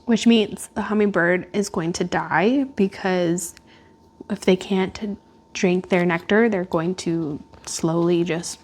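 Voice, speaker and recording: A woman's voice: medium pitch, a little mellow. A woman vlogging at home indoors, chatting in a rambling, casual way with lots of fillers. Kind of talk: casual chat. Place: at home indoors by a glass door.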